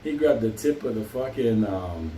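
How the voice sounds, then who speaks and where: A man's voice: on the low side, animated, moderate pace, warm tone. A man hosting his show, telling a story in a casual, rambling, heavily profane way and laughing often. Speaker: host. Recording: roomy, distant, faint hiss.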